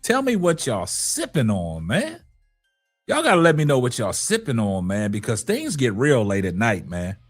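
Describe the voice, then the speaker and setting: A man's voice: mid-range voice, huge pitch swings, normal speed, soft background music. A man in his forties hosting a casual late-night live show, laid-back and chatty, tagging "man" onto his lines.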